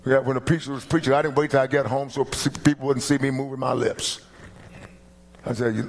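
A middle-aged man preaching a sermon as pastor, animated and emphatic, with rising peaks. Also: mid-range voice, fairly quick, creaky.

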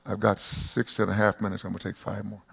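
A man in his seventies, a pastor preaching a sermon to a congregation, who moves between loud emphatic peaks and soft reflective asides. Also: on the low side, flat delivery, quick pace, creaky, husky. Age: 70s. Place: church service before a live congregation.

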